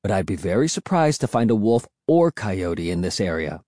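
Man doing a soft thoughtful dad. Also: on the low side, big pitch swings, no echo, studio quality, voice pushed down. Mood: calm. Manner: soft, measured. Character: calm thoughtful father, soft-spoken.

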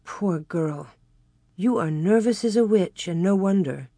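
A woman doing a soft-spoken, caring mother. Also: mid-range voice, animated, a little slow, no room sound, clean studio sound, close to an everyday voice. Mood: soothing. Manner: soft, soothing.

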